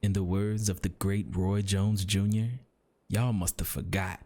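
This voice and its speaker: Low-voiced man narrating a sports video. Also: flat delivery, unhurried, warm tone. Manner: confident, mocking commentary. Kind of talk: scripted narration.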